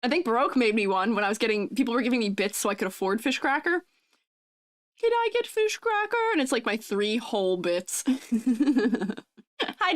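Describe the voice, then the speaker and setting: Giggly streamer woman with lively pitch. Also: no echo, studio quality. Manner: giggly, bubbly, reads chat aloud. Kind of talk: casual livestream chat.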